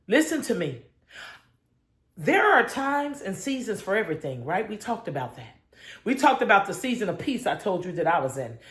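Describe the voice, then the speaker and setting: A woman's voice: medium pitch, fairly bright tone. Woman minister, spirited morning devotion, calls and responses with the flock, roomy echo. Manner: exuberant, call-and-response with listeners.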